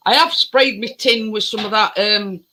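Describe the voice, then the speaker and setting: A man's voice: high-pitched, normal speed, pushed and bright, slight background noise, poor audio. A man chatting in a rambling, easily distracted way as he bakes in his home kitchen. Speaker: home baking vlogger. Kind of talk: casual chat while baking.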